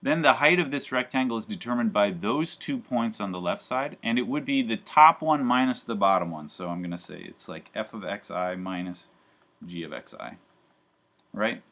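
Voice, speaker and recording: Male professor lecturing a live class; lowish voice, loose chatty delivery full of ums and asides. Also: moderate pace, a bit bright. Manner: casual, chatty, many fillers and asides. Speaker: university math professor.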